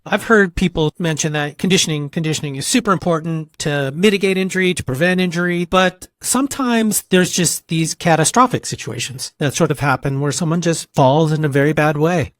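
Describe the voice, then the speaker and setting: A man hosting a podcast, asking his guest long, measured questions. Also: fairly high pitch, fairly bright tone, dry recording, clean studio sound. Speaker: podcast host. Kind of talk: interview questions.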